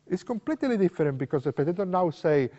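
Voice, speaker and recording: In a dull, lo-fi recording with long reverb, a man walks through card magic technique in non-native English, repeating simple phrases and acting out lines for a spectator. His high, mellow voice swings widely in pitch and moves at a quick pace.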